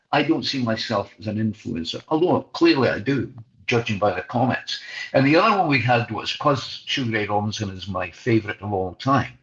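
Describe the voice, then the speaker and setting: A man's voice: fairly low pitch, lo-fi sound. A man in his eighties, a veteran boxer, giving his frank opinions plainly as an interview guest. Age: 80s. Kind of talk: conversational interview.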